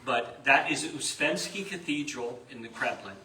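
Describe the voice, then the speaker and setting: A man's voice: medium pitch, normal speed, sharp tone, a little hiss or hum. A man, a priest, teaching a parish class in a casual, chatty way, laughing often and telling stories. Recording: echoey room, live stream.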